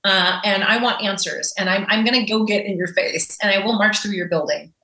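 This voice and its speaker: Bright-voiced, impassioned woman guest. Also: medium pitch, brisk, roomy sound, poor audio. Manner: impassioned, emphatic, defiant. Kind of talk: podcast interview.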